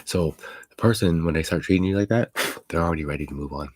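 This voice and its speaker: Very deep, husky man venting bluntly. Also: quick pace, no echo. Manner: blunt, profane, rambling with many restarts; speaks as a confiding friend to a hurt viewer. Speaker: livestream host. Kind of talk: casual live chat with viewers.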